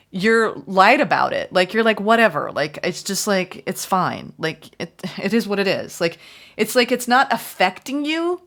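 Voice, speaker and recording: A woman's voice: on the low side, a bit bright. A woman giving a casual, chatty tarot reading, musing aloud and voicing the viewer's thoughts. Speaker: tarot reader.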